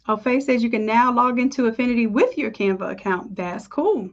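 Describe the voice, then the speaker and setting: Woman, live design tutorial, chatty and upbeat, higher voice, dull lo-fi audio. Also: animated, a little fast, hardly any pauses. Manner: chatty, upbeat, talks to viewers as y'all. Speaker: design instructor. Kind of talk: live screen-share tutorial.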